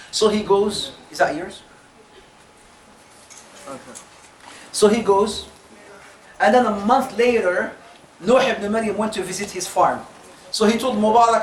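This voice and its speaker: High-voiced man, storytelling to youth, echoey hall, a bit far from the mic. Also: moderate pace, pauses often. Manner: animated, acts out quotes, jokes with audience. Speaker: youth program speaker. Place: community center hall. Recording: echoey room mic from a distance.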